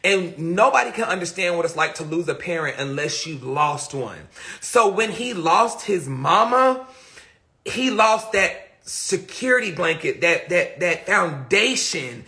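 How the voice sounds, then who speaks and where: Woman live-stream host, sharp and bright in tone, profane, emphatic, chatty with viewers. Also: fairly low pitch, lively intonation, unhurried. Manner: rambling with many repeated fillers. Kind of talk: casual live-stream chat reading viewer comments. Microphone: phone or webcam on a live stream.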